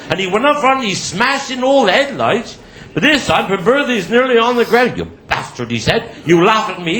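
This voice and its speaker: A man with a Cornish accent telling rapid-fire stand-up stories, laughing at his own jokes. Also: high voice, bright, forceful tone, reverberant. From Cornwall. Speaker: stand-up comedian.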